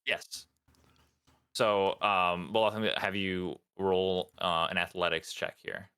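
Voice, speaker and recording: A man narrating a tabletop game as dungeon master, halting and full of ums and restarts. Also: sits low, fairly even intonation, pushed and bright, clear, resonant tone.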